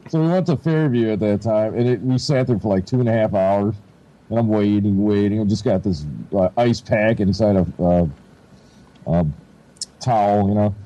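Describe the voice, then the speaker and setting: A man's voice: on the low side, normal speed, dark tone, low-quality recording. A man telling a rambling personal story in casual chat, swearing and laughing as he goes. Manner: laid-back rambling storyteller, swears, laughs often, acts out quotes. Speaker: podcast co-host.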